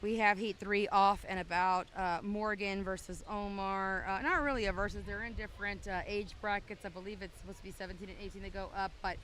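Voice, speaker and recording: A woman's voice: mid-range voice, fairly even intonation, a little fast, hardly any pauses, a bit bright. A woman announcing a swim meet, chatty and casual with many fillers, calling lanes and times and calling out to the kids. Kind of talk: live meet announcing over a PA. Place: indoor pool meet. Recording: noisy poolside recording.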